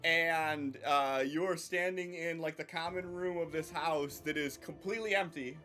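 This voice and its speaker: A man's voice: on the high side, fairly even intonation, unhurried, sharp tone, faint music behind. A man narrating as game master of a tabletop game, hesitant and full of ums and uhs.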